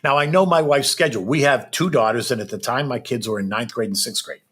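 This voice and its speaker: A middle-aged man telling a personal story as a podcast guest, animated and keeps checking in with "right?". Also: mid-range voice, quick pace, slightly rough.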